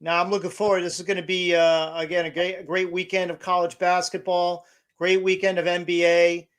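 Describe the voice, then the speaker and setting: A man's voice: high voice, flat delivery, brisk, fairly bright tone, smooth. A man co-hosting a casual sports podcast, talking in a rambling way with many fillers and restarts. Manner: rambling, filler-heavy, starts over mid-phrase. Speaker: podcast co-host.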